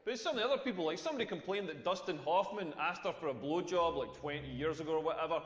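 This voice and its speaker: A high-pitched Scottish comic works a crude stand-up set. He leans on "like" and a flat delivery. His voice booms around a reverberant club hall. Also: fast. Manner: crude deadpan jokes, filler "like". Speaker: stand-up comedian.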